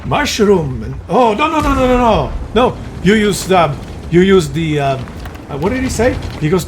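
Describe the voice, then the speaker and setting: A man vlogging, telling a comic story to camera in an exasperated, animated way with many restarts. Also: high-pitched, normal speed, background noise.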